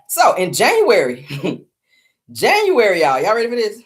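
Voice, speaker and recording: A middle-aged woman hosting her own livestream show, talking loudly and playfully in slang, laughing often and repeating herself for effect. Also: mid-range voice, wildly swooping pitch, fairly quick. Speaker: show host. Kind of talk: animated solo livestream commentary.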